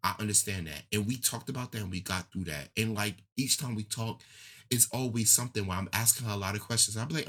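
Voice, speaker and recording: A man's voice: brisk, breathy edge. A man, talking candidly and emotionally in casual conversation, his voice rising and falling as he tells a story. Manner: emotional, candid storytelling with lively pitch swings.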